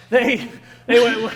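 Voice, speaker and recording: A grandiose apostle Peter proclaims his memories in a high, theatrical voice and keeps wandering off into silly asides, as a man hams him up. The tone is broad kids' church comedy. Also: a bit bright, heavily acted.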